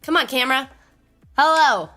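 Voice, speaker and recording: A woman with laryngitis, sounding hoarse, chatting bluntly and casually with viewers on a live stream from a studio microphone. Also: sits high, expressive, normal speed, pushed and bright, faint music behind. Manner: blunt, chatty, explains with gestures. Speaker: musician streamer.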